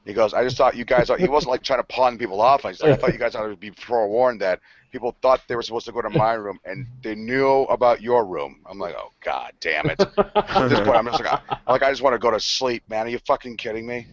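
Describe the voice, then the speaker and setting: A man's voice: medium pitch, expressive, fast, dry recording. A man co-hosting a casual podcast, telling rowdy convention stories full of swearing and laughter, acting out what others said. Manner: profane, laughing, acts out quoted voices. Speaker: podcast co-host. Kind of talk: casual storytelling chat. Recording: dull lo-fi sound, dry.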